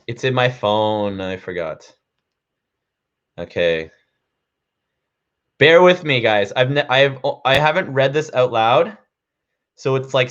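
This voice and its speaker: Young male vlogger, playful casual chat, average pitch, slightly dull recording. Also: a bit bright, smooth. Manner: chatty and playful, then reads his own poem aloud.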